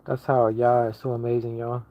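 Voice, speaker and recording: A man's voice: mid-range voice, level tone, moderate pace, no echo. A man delivers a casual online sermon in a mid-range voice, pressing each point with emphatic repetition and frequent restarts. The recording is muffled and lo-fi. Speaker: lay preacher.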